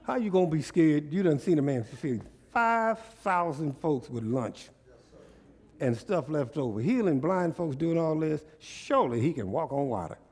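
A male pastor preaching a sermon, animated and repetitive, drawing responses from the congregation. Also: a little high, moderate pace, husky.

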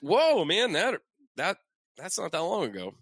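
A podcast co-host, a man with a bright, lively voice, chatting casually and cracking jokes. He swears freely as he retells a comic. The sound is dry and close to the mic. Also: sits high, unhurried, breathy edge, no room sound. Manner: animated, joking, swears freely. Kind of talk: casual chat.

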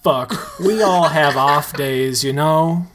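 A man's voice: a little high, takes it slowly, a bit bright, slight background noise. A supportive young male dancer played by a man reassures his friends in a slightly raised, easygoing voice in a comedic story reading. He swears casually as he encourages them.

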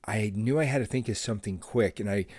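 A man's voice: fairly low pitch, fast, a little mellow, no room sound, studio quality. A middle-aged man hosting a devotional podcast, telling a childhood story in an earnest, friendly way with an occasional laugh. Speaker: podcast host.

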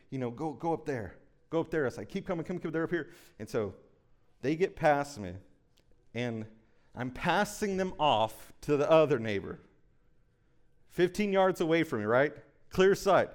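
A man in his thirties delivering a sermon in a slightly higher voice than most men. He is conversational and animated, dropping to slow, quiet emphasis and then rushing into storytelling, and he often checks in with "right?". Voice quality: conversational with frequent "right?" asides. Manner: dynamic, shifts between soft emphasis and lively storytelling. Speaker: pastor.

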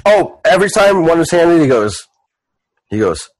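A man's voice: on the high side, big pitch swings, normal speed, no echo, rough recording. A man taking part as a player in a tabletop game, chatty and self-deprecating. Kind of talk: casual tabletop role-play.

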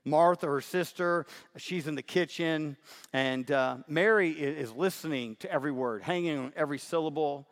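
A man's voice: on the high side, moderate pace, long reverb tail. A man preaching in a conversational, emphatic sermon style, often repeating himself.

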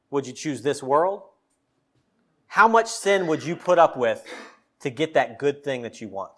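Emphatic preaching man, higher voice. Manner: emphatic preaching, rising to loud peaks; asks the congregation pointed questions. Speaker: pastor. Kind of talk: sermon.

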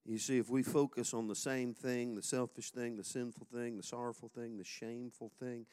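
Male pastor, lively pulpit delivery with big swings in volume and pace, leads call-and-response. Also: mid-range voice, smooth. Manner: swings from loud, fast exhortation to soft, slow reflection; calls on the congregation to repeat phrases. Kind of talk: sermon. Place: church sanctuary before a congregation.

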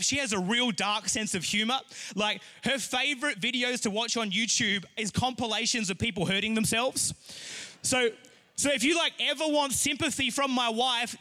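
A young man preaching a sermon, telling a funny personal story with lively energy and sometimes rising to a shout. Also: extremely high pitch.

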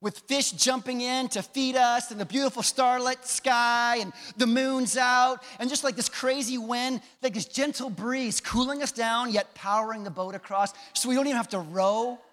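High-voiced preacher in an echoey hall. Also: male voice, steady tone, moderate pace, few pauses, a bit bright. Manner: conversational, asks the audience questions. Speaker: pastor. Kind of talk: sermon.

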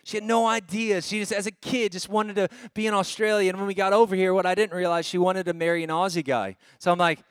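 A middle-aged man preaching a sermon as a guest at a church service, energetic and conversational, mixing stories and asides. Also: high voice, fast talker, few pauses, clear, resonant tone, no echo, studio quality.

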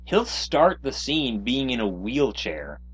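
A man co-hosting a podcast, chatting casually about a cartoon, lively and hesitant with fillers. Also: mid-range voice, slow pace, slight background noise. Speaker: podcast co-host. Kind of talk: casual chat reviewing a cartoon.

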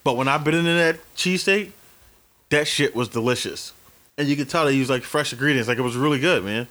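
A man in his early forties tells stories in a loose, casual chat. He swears freely and acts out the other people's lines as he goes. His voice sits at a middle pitch. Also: fairly quick. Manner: animated storyteller, swears freely, acts out dialogue. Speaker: podcast co-host.

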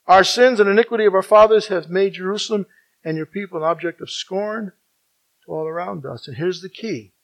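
A man preaching a sermon, swinging from loud emphatic declarations to hushed, near-whispered passages and repeating key phrases. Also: high voice, a little fast, rough recording. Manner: emphatic repetition.

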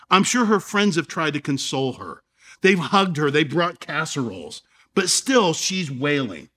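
Guy preaching a sermon, slightly high voice, earnest, big pauses, gets loud then quiet. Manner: earnest preaching with dramatic pauses and shifts in volume. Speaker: pastor.

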